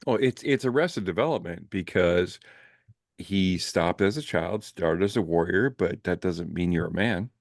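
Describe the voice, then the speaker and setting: A man's voice: deep voice, measured pace, creaky, no room sound, studio quality. A man from Canada, a guest on a casual movie review chat, talking in playful, enthusiastic bursts.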